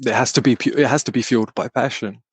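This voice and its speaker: A man's voice: mid-range voice, quick pace, slightly rough, dry recording. A young man hosting a podcast, asking rambling, hesitant questions full of "like.". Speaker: podcast host. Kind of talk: casual interview.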